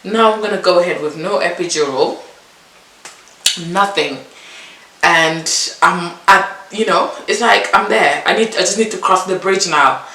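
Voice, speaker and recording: A woman vlogger casually telling a personal story to camera, animated and acting out what people said to her. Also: lowish voice, unhurried. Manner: animated, acts out the midwives' and her own lines in a raised voice. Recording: echoey room, mic at a distance, faint hiss.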